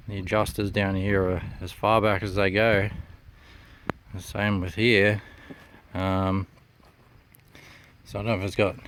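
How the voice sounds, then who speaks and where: Slow, low-voiced man. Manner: laid-back, halting, many "uh" pauses. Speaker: machinery restorer. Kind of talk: casual walkthrough narration. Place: inside a running dragline cab, outdoors in the rain. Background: faint engine rumble.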